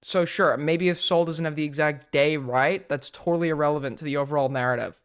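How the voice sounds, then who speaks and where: A man doing heated live commentary on a clip, mocking and excitable, sometimes breaking into loud rants. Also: a little high, fairly quick, clean tone. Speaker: commentary streamer reacting to a clip.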